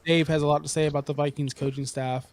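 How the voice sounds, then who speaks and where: A man hosting a casual sports podcast, keeping things moving with jokes and questions. His voice sits a bit higher than most men's. He teases his guests and steers the chat. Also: quick pace. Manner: lively, joking, leads the talk. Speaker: podcast host.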